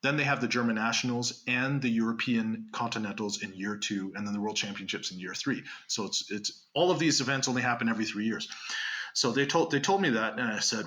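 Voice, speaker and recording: A man from Canada, a guest magician telling stories in a casual interview with quick asides and laughter. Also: mid-range voice, fairly bright tone.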